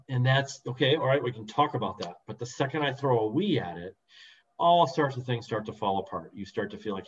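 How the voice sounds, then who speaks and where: A man's voice: mid-range voice, a little fast, slight background noise. A middle-aged man coaching on teamwork in a conversational, earnest way, with emphatic rises and frequent restarts. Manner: earnest, animated with emphatic rises, repeats words when restarting. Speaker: team coach. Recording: dull lo-fi sound.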